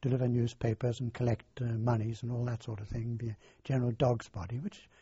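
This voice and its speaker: An older man, recounting his past in a halting, rambling way in an oral history interview. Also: mid-range voice, level tone, warm tone, slightly rough, no room sound. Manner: halting, rambling storyteller with many fillers. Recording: dull lo-fi dry recording.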